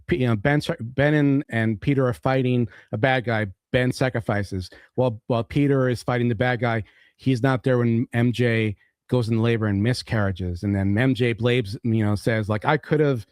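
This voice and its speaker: An animated man tells a comic book story in casual chat, full of "you know" and "like". His pitch jumps as he acts out characters. The sound is close and dry. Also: moderate pace, clear, resonant tone, dry recording. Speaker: podcast host explaining comics.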